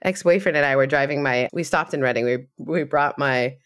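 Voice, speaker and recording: A woman's voice: extremely low pitch, fairly quick, a bit bright, clean tone. A woman hosting a podcast in casual chat, chatty and giggly, full of fillers and quoted asides. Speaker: podcast host.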